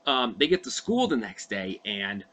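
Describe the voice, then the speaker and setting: A man's voice: on the low side, sing-song, normal speed, fairly bright tone. A young man casually recounting a movie's plot from memory, loose and profane, full of fillers and asides. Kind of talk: casual rambling recap.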